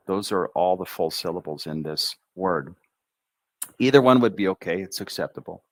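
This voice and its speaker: An American man teaching English pronunciation on a livestream, drawing out syllables slowly and thinking aloud as he writes. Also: lowish voice, animated, no echo. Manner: slow, drawn-out enunciation of syllables; chatty, thinks aloud while writing. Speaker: English tutor.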